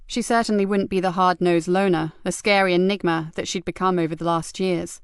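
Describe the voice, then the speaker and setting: A woman narrating an audiobook mystery in a measured, even storytelling manner. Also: lowish voice, smooth, no echo, clean studio sound. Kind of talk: scripted narration.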